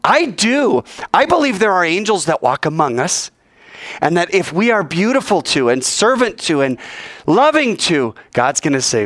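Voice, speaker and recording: A man's voice: on the high side, moderate pace, dry recording. A man teaching an informal Bible class as a sermon, telling stories and acting out the voices of the people in them. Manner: animated storyteller who acts out quoted voices.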